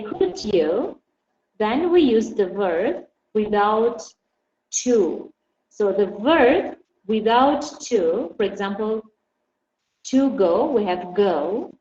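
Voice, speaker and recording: A woman teaching a class online, explaining slowly and patiently and putting questions to her students. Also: mid-range voice, warm tone. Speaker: English teacher. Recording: dull echoey room with faint hum.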